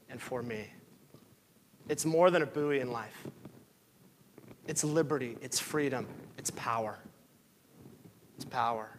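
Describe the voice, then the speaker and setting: A man's voice: mid-range voice, fairly bright tone, slight background noise. A man preaching a sermon with impassioned delivery, building to emotional peaks and near tears. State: tearful. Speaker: pastor.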